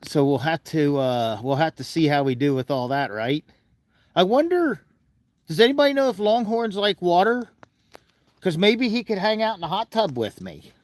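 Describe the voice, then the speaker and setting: A man's voice: on the high side, big pitch swings, normal speed, dry recording. A man hosting a casual livestream, talking in a folksy, chatty way and fussing affectionately over an animal. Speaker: livestream host.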